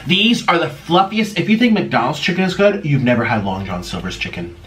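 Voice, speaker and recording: A man's voice: fairly high pitch, big pitch swings, a little fast, a bit bright, a little hiss or hum. A man who talks casually to the camera as he eats, naming each dish, humming and moaning over the food. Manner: chatty, talks while eating, moans and hums over food. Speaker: mukbang video creator. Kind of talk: casual eating video talk.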